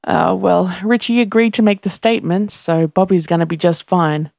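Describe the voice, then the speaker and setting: A woman voicing a gruff middle-aged man who grumbles at his hurt friend. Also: on the low side, moderate pace, darkish tone, dry recording, clean studio sound. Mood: grumpy.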